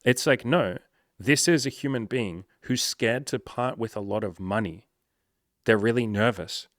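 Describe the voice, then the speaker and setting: A man's voice: on the low side, a little slow, fairly bright tone, no echo, studio quality. A man coaching on dating and sales in a blunt, casual, profane monologue.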